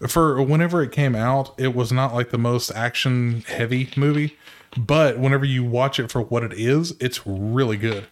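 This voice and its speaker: A man co-hosting a podcast in casual chat, talking in a relaxed, halting way. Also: medium pitch. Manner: relaxed, hesitant, many fillers. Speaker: podcast co-host.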